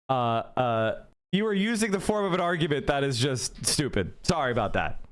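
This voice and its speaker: A man's voice: on the high side, big pitch swings. A man streaming live, reacting to a clip with heated, profane political ranting. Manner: heated, swearing, rapid ranting.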